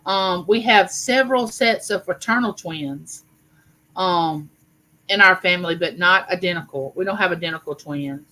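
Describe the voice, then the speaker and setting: Woman in her fifties hosting a live chat; bright voice, chatty and rambling, frequent fillers. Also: lowish voice, normal speed, low-quality recording. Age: 50s. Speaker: livestream host. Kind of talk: casual live chat reading viewer comments.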